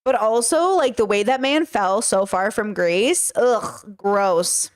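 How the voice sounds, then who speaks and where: A woman's voice: medium pitch, takes it slowly, clear, resonant tone. A woman hosting a podcast, chatting in a rambling, casual way while reacting to a clip. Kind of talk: casual commentary.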